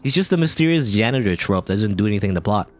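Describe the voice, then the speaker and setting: A man's voice: on the low side, animated, rapid-fire, faint music behind. A man from Canada casually commenting on a video game he plays, rambling and joking. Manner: chatty, rambling, jokey. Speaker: let's play host.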